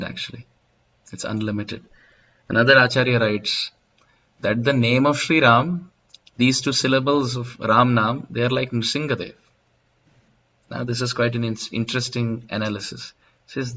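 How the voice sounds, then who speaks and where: A man giving a devotional scripture lecture in a temple, explaining and telling stories with soft laughs. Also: medium pitch. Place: temple hall. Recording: dull lo-fi lecture recording.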